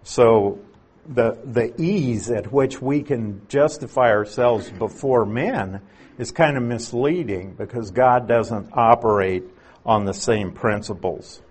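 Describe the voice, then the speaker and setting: A man's voice: medium pitch, slow, darkish tone, slightly rough. A man teaching through scripture in an expository sermon, patient and explanatory, leaning on key words to drive his points home. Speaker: Bible teacher.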